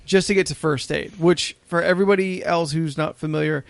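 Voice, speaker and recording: A man's voice: on the high side, fairly even intonation, brisk, gravelly, dry recording. A man hosting a podcast in casual chat, joking and teasing his guest. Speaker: podcast host. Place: podcast studio.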